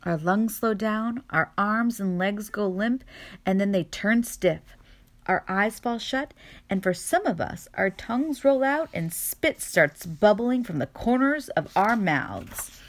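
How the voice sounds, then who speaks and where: A woman's voice: medium pitch, expressive, slow. A woman reading a storybook aloud, voicing a wise and theatrical mother possum who lectures her babies. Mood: solemn.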